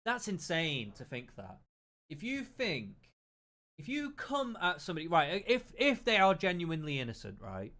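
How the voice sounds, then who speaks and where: A man's voice: a little high, huge pitch swings, normal speed, a bit bright. A man giving casual reaction commentary, thinking aloud, repeating himself and swearing freely.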